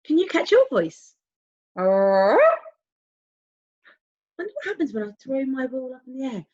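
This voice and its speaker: Lively sing-song woman teaching young kids. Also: high-pitched, a little slow. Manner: animated, playful, sing-song with whoops and whispers. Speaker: primary school music teacher. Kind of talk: online lesson for young children. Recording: dull lo-fi home video sound.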